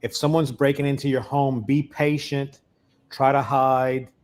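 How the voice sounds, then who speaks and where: A man's voice: medium pitch, little pitch movement, unhurried, darkish tone. A man hosting a casual chat, teasing his guest with playful questions.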